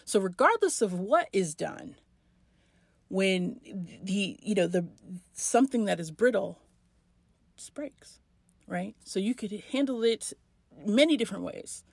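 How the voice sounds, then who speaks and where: A woman hosts a solo podcast, thinking aloud in a slow, searching way and often pausing to restart her sentences. Her voice sits low with a gravelly edge. The recording is dry and close to the mic. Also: expressive, no echo. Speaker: podcast host. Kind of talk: reflective solo podcast monologue.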